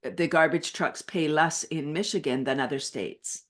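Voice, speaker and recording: A middle-aged Canadian woman, a wellness advocate appearing as a guest, chats energetically in a casual interview, laughing often through playful stories. Her voice is low-pitched and a little slow.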